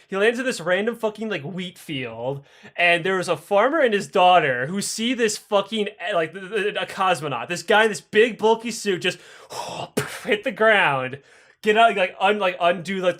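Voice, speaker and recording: High-pitched guy rambling through a history story, swearing a lot, podcast vibe. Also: a bit bright. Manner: rambling, profane, laughing. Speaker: podcast co-host.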